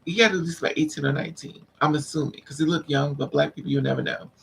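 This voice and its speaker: A woman vlogger telling a story in a casual, animated way, repeating lines for emphasis and acting out what men said to her. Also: low voice, quick pace, gravelly, a little hiss or hum, rough recording. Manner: acts out the men's lines in quotes.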